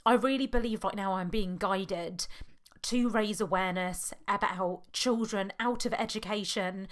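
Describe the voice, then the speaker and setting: A British woman in her thirties hosting her own podcast, talking in a halting, emotional way and close to tears. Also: mid-range voice, a bit bright. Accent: British English. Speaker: podcast host; hypnotherapist. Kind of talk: personal podcast monologue.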